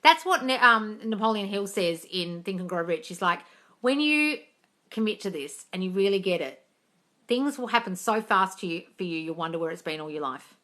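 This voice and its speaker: A woman's voice: medium pitch, lively intonation, moderate pace, a bit bright. Blunt, sweary woman coach. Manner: blunt and sweary, calls viewers darling. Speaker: manifestation coach answering live questions. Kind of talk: casual live-stream Q&A.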